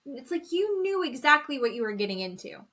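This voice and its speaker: A woman with a somewhat high voice co-hosts a chatty podcast. She retells a reality show with gossipy relish and dramatic quoting of the people in it. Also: fairly quick. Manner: animated gossipy storytelling, acting out quotes. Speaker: podcast co-host. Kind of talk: casual chat recapping reality TV.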